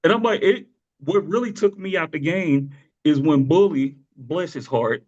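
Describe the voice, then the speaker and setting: Animated man on a lo-fi podcast. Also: fairly high pitch, normal speed. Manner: animated storytelling, quotes people in exaggerated voices, laughs often. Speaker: podcast co-host. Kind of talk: casual wrestling podcast chat. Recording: dull lo-fi sound.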